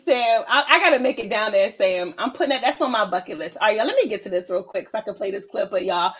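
An American woman hosting a casual chat, telling a story in a brash, animated, roasting way. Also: medium pitch, quick pace, breathy edge, low-quality recording. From United States. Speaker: livestream host.

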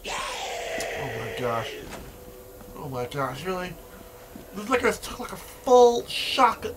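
A man recording let's-play commentary, profane and excitable, with shouting outbursts and repetitive rants. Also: very high voice, takes it slowly, pauses often, background noise. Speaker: gaming video host.

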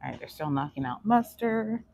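A woman with a slightly high, expressive voice, vocal fry, and a darkish tone talks at a moderate pace in a low-quality recording with no room sound. She's a vlogger on a cruise ship's indoor decks, giving a chatty live walking tour, answering chat, and a bit out of breath.

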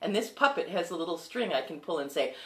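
A woman's voice: on the low side, expressive, quick pace, heavy background noise. A woman hosting a children's music show, singing songs and teaching about animals, encouraging the kids as her friends. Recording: echoey room with loud guitar.

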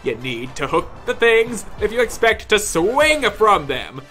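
A man commentating his own gameplay, yelling and cursing at the game in frustration, with mock-pompous outbursts. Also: high voice, big pitch swings, measured pace, soft background music.

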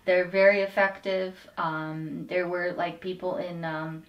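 A woman co-reviewing a haunted attraction in casual chat, animated and upbeat. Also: lowish voice, a little slow, recorded from a distance, lo-fi sound. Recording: echoey room, a bit off-mic.

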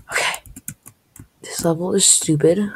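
A woman's voice: lowish voice, slightly rough, low-quality recording. A woman hosting a casual let's-play video, exclaiming and gasping at the game. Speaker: gaming video host.

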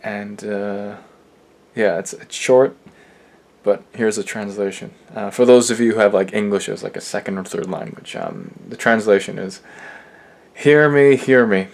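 A young man hosting a casual personal vlog, talking in a soft, earnest and halting way. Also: on the low side, expressive, vocal fry. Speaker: channel host.

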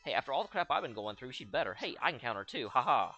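A man's voice: mid-range voice, sing-song, very fast, sharp tone, muffled recording, faint music behind. A young man giving casual, joking commentary over his own gameplay, full of sarcastic asides. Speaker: let's play host.

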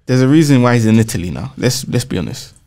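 A man's voice: mid-range voice, lively intonation, mellow. A man chiming in agreeably during a casual football podcast chat. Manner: agreeable, quick affirmations. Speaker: podcast co-host.

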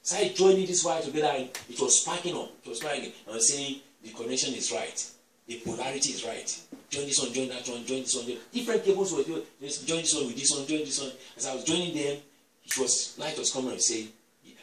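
A man preaching a sermon as an apostle, telling stories that build into shouted declarations, in a church hall. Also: mid-range voice, quick pace, a little hiss or hum. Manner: storytelling that swells into shouted declarations. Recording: echoey church hall, distant mic.

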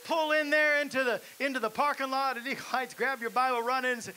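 A man preaching a lively sermon in a church, exhorting the congregation and building to shouts. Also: very high-pitched, fast, hardly any pauses. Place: church sanctuary. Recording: hissy live church recording.

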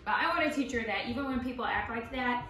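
A woman's voice: a little high, quick pace, recorded from a distance, faint music behind. Woman dog trainer explaining, echoey room. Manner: chatty, explains step by step, bursts into excited baby talk with the dog. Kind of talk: instructional demonstration.

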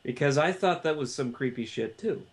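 A man's voice: mid-range voice, lively intonation, normal speed. A man co-hosting a casual film podcast, stammering and restarting his phrases as he makes his point. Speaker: podcast co-host.

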